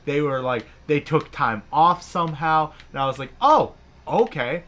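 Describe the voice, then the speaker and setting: A man co-hosting a casual gaming chat, telling a profane, animated story and acting out the people in it. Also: a little high, normal speed. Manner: profane, animated, acts out quoted bosses.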